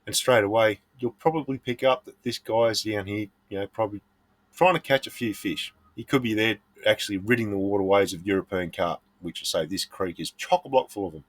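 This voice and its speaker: A man's voice: on the low side, a little fast. A middle-aged Australian man, a prospecting vlogger, giving earnest, blunt advice in a casual monologue.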